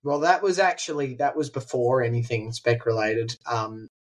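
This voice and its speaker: A man's voice: medium pitch, steady tone, moderate pace. Chatty Australian teenage guy. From regional New South Wales, Australia. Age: teens. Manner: chatty, frequent ums and restarts. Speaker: guest musician. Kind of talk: casual interview chat.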